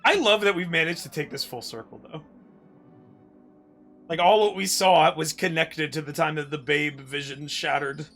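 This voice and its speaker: A man's voice: on the high side, steady tone, moderate pace, creaky, fairly bright tone, soft background music. A man streaming with friends, reading the text of a story game aloud in a loose, comic way.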